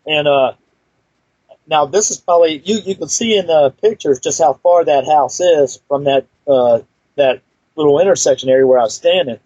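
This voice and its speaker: A man recounts a frightening experience in a loose, rambling way, stopping and restarting often. His voice is slightly high and husky, and the recording is dry and dull, with a lo-fi sound. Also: moderate pace, warm tone, no room sound. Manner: rambling, full of fillers and restarts. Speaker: guest storyteller. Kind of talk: personal story told casually.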